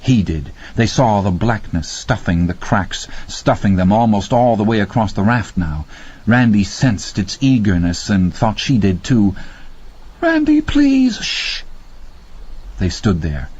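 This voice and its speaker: A man with a husky voice narrating a horror audiobook with slow, dramatic pacing. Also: fairly low pitch, darkish tone. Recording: dull lo-fi audio.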